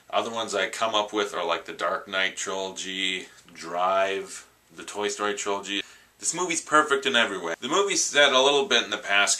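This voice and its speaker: A man's voice: on the low side, bright, forceful tone. A man reviewing his favorite movie in a casual vlog, gushing and rambling with enthusiasm.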